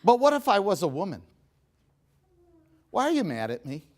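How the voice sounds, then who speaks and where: A middle-aged man giving a humorous seminar talk to a live audience, animated and joking, speaking straight to the crowd. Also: high-pitched, normal speed. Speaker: motivational speaker.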